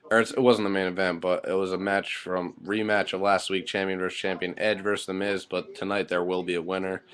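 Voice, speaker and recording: A man giving a casual spoken recap of a wrestling show, rambling with lots of fillers and blunt swearing. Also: low voice.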